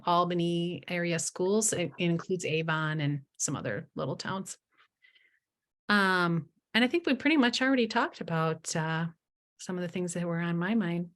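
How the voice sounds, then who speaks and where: Woman, parenting educator, brisk, low-ish voice, video call intro. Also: a bit bright. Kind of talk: brief self-introduction.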